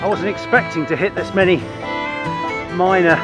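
High-voiced man chatting mid-ride. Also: normal speed, loud music behind the voice. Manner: wry, chatty, wandering asides. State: a bit tired. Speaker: cycling vlogger. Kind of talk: rambling ride-along commentary. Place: outdoors riding a bike.

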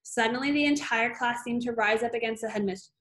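A woman's voice: on the high side, a little fast, fairly bright tone. A woman reading a children's novel aloud, unpolished, with small slips and fillers. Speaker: reader.

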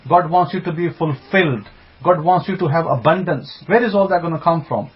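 In dull lo-fi audio, a man with a fairly high voice teaches a Bible sermon briskly. Emphatic, he leans on rhetorical questions and repetition, pausing to greet online listeners by name as he goes.

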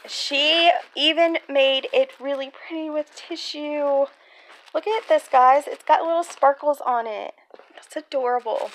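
A woman chatting casually while unboxing a gift on her bed, excitable and chatty with frequent squeals, filmed on a handheld phone. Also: high voice, slow, slight background noise. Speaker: crafts vlogger. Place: bedroom at home. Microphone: handheld phone camera.

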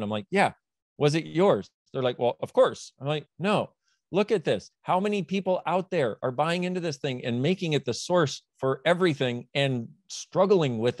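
Animated man explaining, dry close sound. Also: on the high side, dry recording. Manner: lively, emphatic, acts out little dialogues. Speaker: guest, self-help author.

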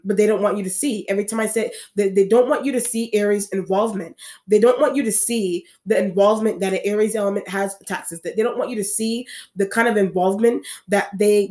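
A woman's voice: mid-range voice, steady tone, fast, a little mellow. A woman reading tarot cards for an audience, talking in a rambling way with many restarts and repeated phrases. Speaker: tarot reader.

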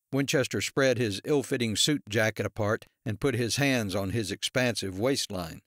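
A man narrating an audiobook thriller in a steady storytelling manner. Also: on the low side, moderate pace, few pauses, dry recording, studio quality. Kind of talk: scripted narration.

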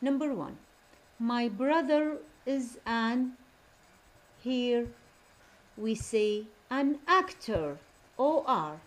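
Woman, English lesson, unhurried drawn-out delivery, repeats each word. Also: a little high, expressive, rough recording. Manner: slow, repeats each word several times; switches to Arabic to explain terms. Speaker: English teacher. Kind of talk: recorded classroom lesson.

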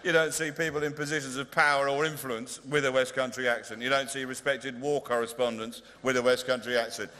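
A male comedian presenting an award at a ceremony in a large converted hall, delivering dry, deadpan, mock-pompous stand-up. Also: medium pitch, fairly quick, hardly any pauses. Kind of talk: stand-up style presentation speech. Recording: reverberant hall with faint noise.

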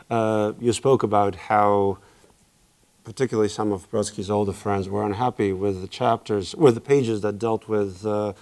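A man's voice: on the low side, mellow. A man moderating a book talk's Q&A and filling gaps with many hesitant "uh"s. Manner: hesitant, many uhs, polite interjections. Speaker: moderator and teacher. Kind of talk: hosting a Q&A.

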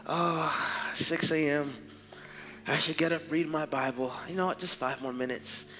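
A man's voice: fairly high pitch, steady tone, a little slow, bright, forceful tone, pitched below the performer's own voice. A man playing a sleepy person who mumbles excuses to snooze a little longer. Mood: drowsy. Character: drowsy person talking themselves out of getting up. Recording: reverberant hall.

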